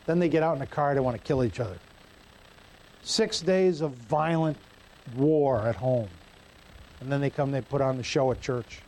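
A man's voice: mid-range voice, normal speed, long pauses, darkish tone, rough recording. A male pastor preaching a sermon in a church, conversational and joking with the congregation.

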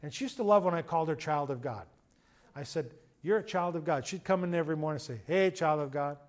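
A man, a pastor telling a story in a conversational sermon, moving between loud emphasis and quiet asides. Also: a little high, fast. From United States.

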